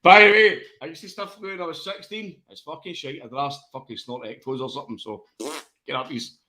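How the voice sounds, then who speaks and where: A man's voice: medium pitch, lively intonation, brisk, pushed and bright. A tipsy Scottish man co-hosting a casual fan podcast, boisterous and sweary, laughing a lot. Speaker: podcast co-host.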